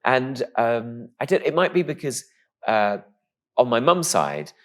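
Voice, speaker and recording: Posh-sounding camp Englishman, lively storyteller. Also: mid-range voice, a little slow. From England. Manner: camp, animated storytelling with quoted voices. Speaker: comedian guest. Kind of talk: casual interview chat.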